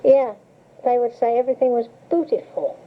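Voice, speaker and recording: A woman's voice: on the high side, a little fast. An older woman reminiscing in a chatty, storytelling way and laughing often while she is interviewed. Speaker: interviewee recalling memories. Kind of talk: casual reminiscing. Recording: tinny old cassette tape with hiss.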